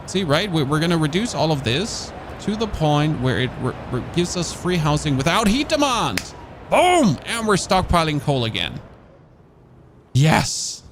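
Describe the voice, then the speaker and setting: German guy streaming a strategy game, chatty and excitable, voice sits a bit high. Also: normal speed, few pauses, noisy background. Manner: excitable, thinks aloud and talks to chat. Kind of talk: casual gameplay commentary.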